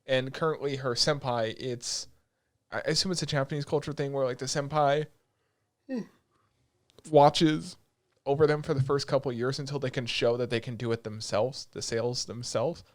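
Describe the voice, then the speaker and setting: Animated, swearing young male podcast host. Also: medium pitch. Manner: animated, swears freely, quick asides. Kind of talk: casual anime review chat.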